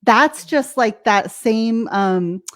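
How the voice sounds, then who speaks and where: A woman's voice: on the high side, expressive, extremely slow. An American woman, a life coach as guest, explaining things casually, laughing often and acting out her own reactions. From United States.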